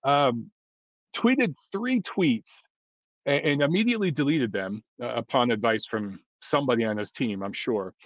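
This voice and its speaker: Bluntly sharing boxing opinions with his viewers, a man speaks at a moderate pace in an animated, medium-pitched voice, rambling with frequent fillers and restarts. The audio is dull, lo-fi and dry, without echo.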